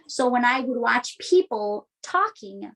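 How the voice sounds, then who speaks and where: A woman's voice: on the high side, lively intonation, slow, a bit bright, rough recording. A woman in her thirties from Nepal, whose first language is Nepali, telling her story as an interview guest in a chatty way, laughing often and acting out quotes. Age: 30s. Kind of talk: casual conversational storytelling.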